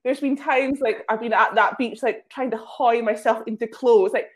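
A woman with a fairly high voice tells casual stories as a guest. Her talk is chatty and self-mocking, peppered with filler words. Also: fairly even intonation, normal speed. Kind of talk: casual storytelling.

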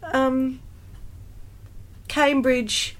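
A woman, a musical theatre performer chatting in an interview, animated and full of fillers and restarts. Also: sits high, very slow. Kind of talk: casual interview storytelling.

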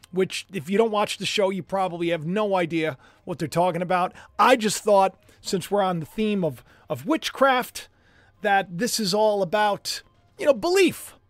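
A man hosting a livestream commentary show, excitable and animated, chatty with jokey asides. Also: high-pitched, no echo. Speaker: host.

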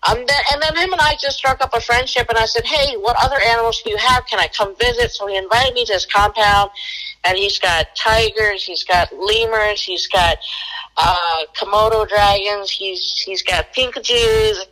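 Bright-voiced woman telling a story. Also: medium pitch, normal speed, rough recording. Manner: acts out quoted dialogue. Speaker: guest. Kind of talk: casual storytelling.

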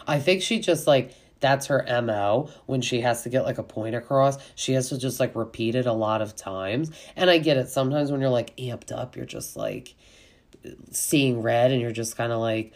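A podcast host talks through a reality show recap in a chatty, gossipy way. The voice sits at an ordinary middle pitch. Fillers like "like" come constantly as the speaker rambles on. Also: normal speed. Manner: chatty, gossipy, heavy use of "like".

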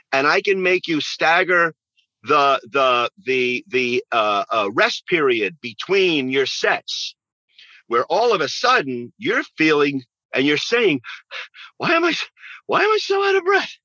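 A man's voice: a little high, sharp tone, dry recording, dull audio. A man who works as a fitness trainer, answering interview questions in an emphatic way and repeating phrases for stress.

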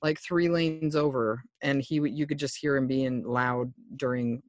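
A man's voice: mid-range voice, steady tone, a little slow, darkish tone, no room sound, clean studio sound. A man co-hosting a podcast, chatting casually in a rambling way and laughing often. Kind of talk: casual chat.

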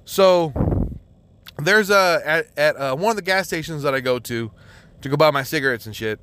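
A man hosts his own podcast alone and talks loosely, piling up curse words and filler as he restarts his sentences. His voice sits a touch higher than most men's. It comes across as an unscripted, off-the-cuff monologue. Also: moderate pace, bright, forceful tone, slight background noise. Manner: rambling and profane, with many restarts and filler words. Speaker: podcast host. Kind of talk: casual solo podcast monologue.

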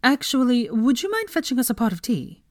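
Polite young man read by a woman, hesitant, lifted pitch, louder, dry sound. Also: big pitch swings, a little fast, dry recording.

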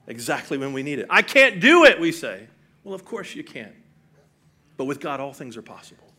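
A man preaching a sermon, earnest and full of rhetorical questions, swinging from hushed and soft to loud and emphatic. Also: medium pitch, sing-song, fairly quick, long pauses. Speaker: pastor.

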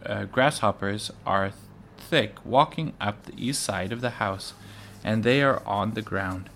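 A man reading aloud, voicing a stern pioneer father in plain, measured speech. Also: lowish voice, a bit bright, slight background noise. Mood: grim.

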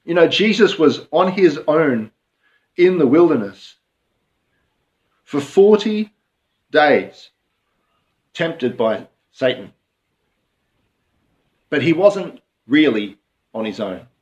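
A man's voice: a little high, very animated, highs cut off. A man in Australia giving a reflective devotional sermon, often repeating and restarting his phrases. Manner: reflective, repeats and restarts phrases, speaks slowly at key points. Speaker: pastor.

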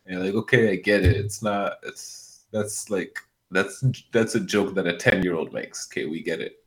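A man's voice: low-pitched, normal speed, fairly bright tone, reverberant. A man in casual comedic conversation, laid-back, chuckling and making dry quips.

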